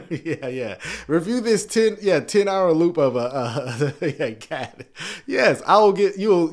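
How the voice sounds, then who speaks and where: Man, thirties, livestream host; easygoing, rambling chat with stammered restarts, mid pitch. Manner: easygoing, laughs often. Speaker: YouTube channel host.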